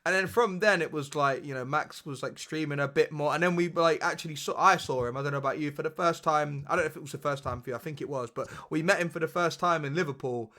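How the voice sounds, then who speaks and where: A man's voice: on the high side, quick pace, hardly any pauses, sharp tone. A young British man co-hosting a podcast, rambling in casual chat with lots of slang, swearing and laughter. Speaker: podcast co-host.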